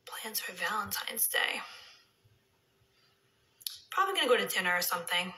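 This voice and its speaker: New woman in her thirties, phone live stream, bright tone, echoey room. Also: medium pitch, sing-song, moderate pace. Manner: chatty, swings into soft whispers and heated rants. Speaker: reality TV personality on a live stream. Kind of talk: casual live-stream chat reading comments.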